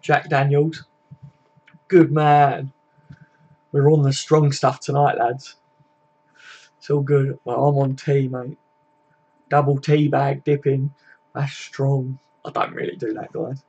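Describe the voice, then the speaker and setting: A young British man runs a casual live stream from a home room with a desk and sofa, reading comments and chatting loosely. He's laddish, swears a lot, and ends sentences with "mate" and "innit." His medium-pitched voice is level, slow, a little mellow and husky, with long pauses and the highs cut off.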